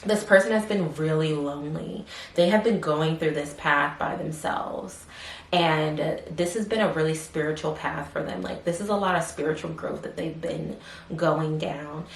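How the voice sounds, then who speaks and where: A woman doing a casual tarot reading, rambling with many fillers and softly murmuring questions to spirit between cards. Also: low voice, moderate pace. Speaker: tarot reader. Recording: roomy echo, faint background hiss.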